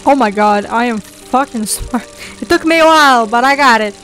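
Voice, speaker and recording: A high-voiced woman comments on her gameplay, swearing freely and muttering to herself as she works through puzzles. Her talk is casual and excitable. Faint game music plays underneath. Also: normal speed. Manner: profane, excitable, talks to herself. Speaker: gamer.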